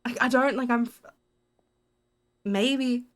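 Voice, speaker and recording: A woman streaming a game talks slowly to her audience in a slightly high voice with fairly even intonation. The chat is casual, giggly and rambling, and she often begins sentences again.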